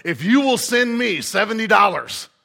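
A man acting out a passionate male TV preacher who loudly promises riches in return for money. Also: high-pitched, animated, moderate pace, gravelly, exaggerated voice. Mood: pleading loudly. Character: loud greedy male TV preacher demanding money.

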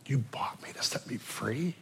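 A husky-voiced man preaching a sermon, quoting an enslaved young woman in a hushed voice close to a whisper. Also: medium pitch, expressive, measured pace, a little hiss or hum, full character voice. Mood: hushed awe. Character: enslaved young woman, defiant then overwhelmed.

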